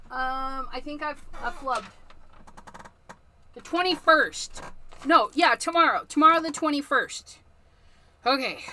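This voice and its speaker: A middle-aged woman hosting a casual craft livestream, chatty and quick to laugh. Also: high voice, bright, forceful tone, a little hiss or hum.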